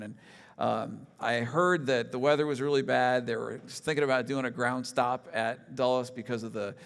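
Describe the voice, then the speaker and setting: A man's voice: medium pitch, vocal fry, a bit bright. A middle-aged man, a pastor, preaching a conversational sermon with humorous personal stories. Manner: storytelling, self-deprecating humor, conversational. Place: church sanctuary. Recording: large hall with long reverb.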